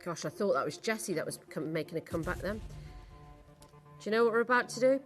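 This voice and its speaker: A woman presenting on a live shopping channel, gushing and excitable as she sells jewellery and home goods from a studio. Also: medium pitch, quick pace, soft background music. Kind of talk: live selling pitch.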